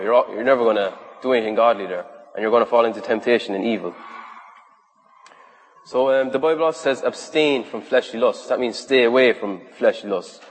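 Man, preacher, sermon, earnest and chatty, rhetorical questions, echoing hall. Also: medium pitch. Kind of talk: sermon to a youth group. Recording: reverberant hall.

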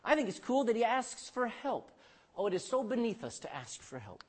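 A pastor preaching a sermon, calling out for amens and dropping between loud bursts and hushed lines. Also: male voice, extremely high pitch, big pitch swings, normal speed, breathy edge. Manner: calls for amen from the congregation.

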